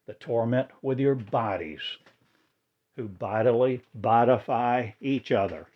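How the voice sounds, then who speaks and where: A man delivering a rambling spiritual monologue in halting, oddly inverted phrasing. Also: mid-range voice, dull audio.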